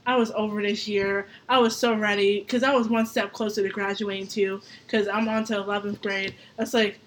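A woman's voice: medium pitch, moderate pace, slight background noise. A young adult woman hosting a podcast, telling a story casually with swearing and frequent laughter. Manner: animated, profane, laughs often. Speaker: podcast host.

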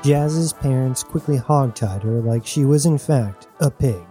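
A man narrating an audiobook in measured, deliberate phrases with pauses. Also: mid-range voice, dark tone, faint music behind.

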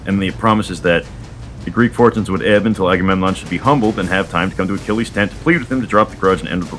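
A man reading the part of Athena, a patient, wise goddess, in a soothing, measured way. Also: low-pitched, a bit bright.

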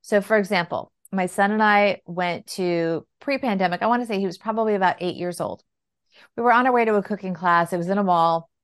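A woman guest on a podcast, a financial planner telling parenting stories in a conversational, animated way and acting out the dialogue. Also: medium pitch, brisk, smooth. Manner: animated, acts out quoted dialogue. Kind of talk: conversational storytelling. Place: lives in New York City.

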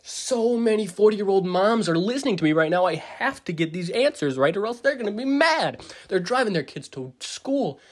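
A man's voice: animated, moderate pace, hardly any pauses. Rambling man acting out every quote. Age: 40s. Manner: rambling, self-mocking, full of fillers and restarts; acts out quotes with big pitch jumps. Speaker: podcast host. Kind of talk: casual solo monologue.

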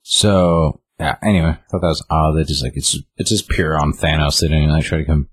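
A man's voice: a bass voice, steady tone, a little fast, breathy edge. A man in casual conversation, retelling comic book scenes and quoting the characters in a raised voice.

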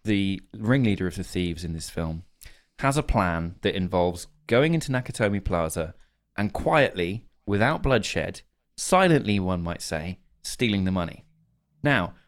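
A man co-hosting a podcast, sharing film trivia in playful casual chat. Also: fairly low pitch. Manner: playful, lively storyteller. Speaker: podcast co-host.

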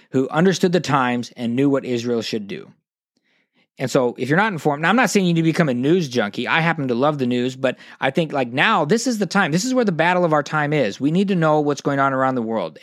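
A man's voice: mid-range voice, no echo, clean studio sound. A man, hosting a podcast monologue in a passionate, preachy way, often restarting his sentences. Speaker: podcast host.

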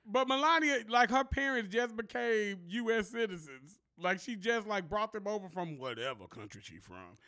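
A man's voice: high-pitched, expressive, moderate pace, hardly any pauses, bright, forceful tone, smooth. A man co-hosting a casual comedy podcast, cracking jokes in slang and laughing often. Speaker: podcast co-host.

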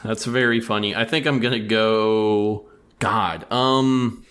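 A man's voice: on the low side, fairly even intonation, takes it slowly, a loud crowd. A man co-hosting a casual podcast chat, teasing the others and laughing often. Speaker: podcast co-host.

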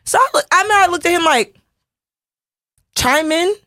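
A woman telling a story to her podcast listeners in a lively, expressive way, calling them y'all and playing out each voice in the story. Her voice is close to the mic in a dry room, with no echo. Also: very high voice, very fast. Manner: animated, addresses listeners as y'all, acts out quotes. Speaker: podcast co-host. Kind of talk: casual storytelling chat.

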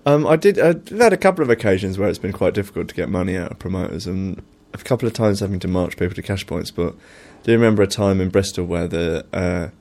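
A man's voice: low voice, fast, hardly any pauses, a little mellow. A young man telling rambling anecdotes in casual chat, with plenty of fillers and laughter.

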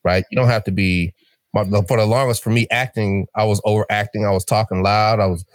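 A man's voice: lowish voice, fairly quick, no room sound. A middle-aged man, a guest on a podcast, chatting casually and acting out voices as he tells stories, often repeating words as he starts. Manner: animated storyteller, acts out voices, repeats words.

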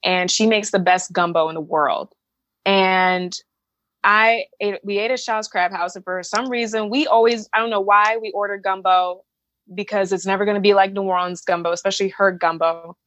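A woman from the Chicago suburbs tells an interviewer a personal story, candid and emotional, swearing freely and acting out the voices of people she quotes. Her mid-range voice is steady and fairly bright at a moderate pace. There's no echo.

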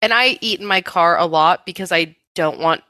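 A woman's voice: on the low side, normal speed, pushed and bright, dry recording. A woman in a casual comedic chat, swearing often and laughing heartily as she retells stories.

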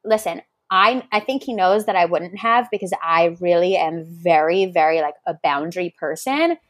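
A woman's voice: on the low side, lively intonation, moderate pace, dry recording. A woman guest on a podcast, telling stories animatedly in casual chat, acting out quotes and swearing freely. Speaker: podcast guest, reality show contestant.

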